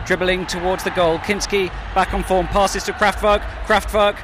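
A man hosting a comedy radio show, giving excitable mock football commentary. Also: sits high, noisy background. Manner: brisk, excitable commentator delivery.

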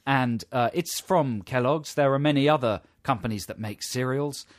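In a radio studio, a British man co-hosts a show, joking around playfully and slipping into silly impressions. His medium-pitched voice keeps a moderate pace, captured by a studio microphone with no echo.

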